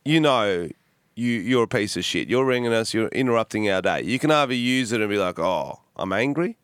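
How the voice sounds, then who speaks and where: Low-voiced comedian, crude banter. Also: male voice, brisk, a bit bright, clear, resonant tone, no room sound, studio quality. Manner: crude, joking storytelling. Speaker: comedian and podcast co-host. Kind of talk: casual banter. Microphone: headphones and studio mic.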